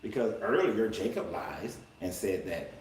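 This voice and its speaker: A man with a lowish, slightly mellow voice and wide pitch swings hosts a live-streamed Bible commentary at an unhurried pace. A life coach and livestream host, he speaks emphatically and colloquially, firing off rhetorical questions. Heard from a distance on a livestream setup, the room is roomy with faint background noise.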